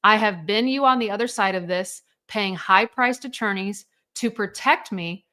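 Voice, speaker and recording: Bright-voiced, blunt woman coach. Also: mid-range voice, normal speed, hardly any pauses. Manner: blunt, profane, emphatic, rhetorical questions. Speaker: divorce coach. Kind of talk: motivational monologue.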